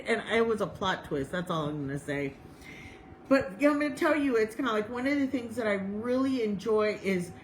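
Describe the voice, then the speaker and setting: A woman's voice: fairly high pitch, slight background noise, rough recording. Bubbly, laughing woman chaplain. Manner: bubbly, laughs often, animated impressions; slow, measured recitation of prayers and scripture. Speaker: chaplain and reverend leading a service. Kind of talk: casual, storytelling sermon.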